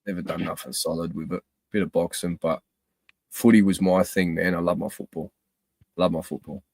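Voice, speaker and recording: A man's voice: sits low, steady tone, fairly quick, darkish tone, dry recording. A young Australian man chatting on a live stream, laid-back and sweary, laughing a lot. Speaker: livestream host. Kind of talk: casual live-stream chat.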